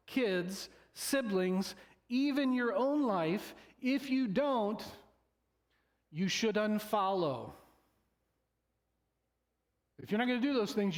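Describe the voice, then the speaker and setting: A male pastor preaching a sermon in a loose, conversational way, joking with the congregation and acting out quoted voices. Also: high-pitched. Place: church sanctuary.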